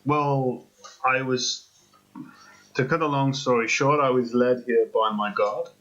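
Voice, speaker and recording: A man playing his character in a tabletop game, speaking in a hesitant, halting way. The audio is dull and lo-fi. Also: medium pitch, steady tone, fairly bright tone.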